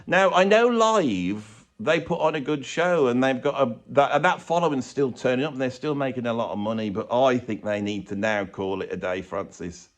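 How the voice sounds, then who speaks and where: A man's voice: mid-range voice, moderate pace, hardly any pauses. A man ranting sarcastically in a rambling vlog, filmed in a room with bare brick walls. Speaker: YouTuber and drummer.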